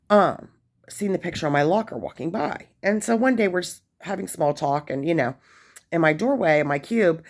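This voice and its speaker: A woman in her forties telling a story in a chatty, casual way, with lots of fillers and asides. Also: low voice. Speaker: vlogger sharing prison experiences.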